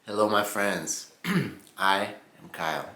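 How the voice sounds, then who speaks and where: Brief: low-voiced American male English teacher, unhurried and patient, recorded in an echoey room. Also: expressive, over loud music. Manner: repeats phrases and checks in with "okay?". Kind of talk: slow, simplified teaching monologue. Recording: roomy echoing room.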